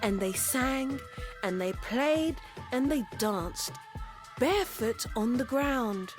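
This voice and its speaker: A woman narrating a storybook in an expressive, unhurried way, recorded close and dry. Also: a little high, music in the background.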